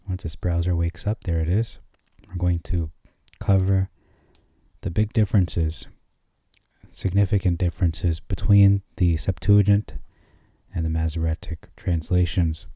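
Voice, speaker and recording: A man with a low, very dark, mellow voice walks through scripture translations as a channel host. He reads each verse slowly and deliberately, then adds dry remarks. The sound is dull and lo-fi, with a dry, close room. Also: dry recording. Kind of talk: screen-share scripture commentary.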